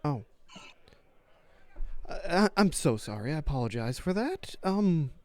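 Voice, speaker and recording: A man's voice: a little high, very animated, a little slow, a little mellow, no room sound, pitched above the performer's own voice. A man voicing a flustered adult female stable keeper who stammers and apologizes as she talks.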